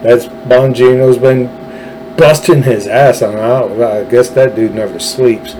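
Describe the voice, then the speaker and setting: Ranting man, low-key dark tone. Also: fairly even intonation, measured pace, slight background noise, rough recording. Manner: ranting, emphatic, repeats phrases. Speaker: political podcast host. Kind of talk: opinionated monologue.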